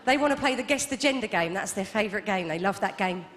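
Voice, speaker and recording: A woman's voice: mid-range voice, quick pace. Wry woman doing stand-up in an echoey hall. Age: 30s. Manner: wry, deadpan asides. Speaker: stand-up comedian. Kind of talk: stand-up comedy set. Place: comedy club stage. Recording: reverberant live club hall. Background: audience laughter.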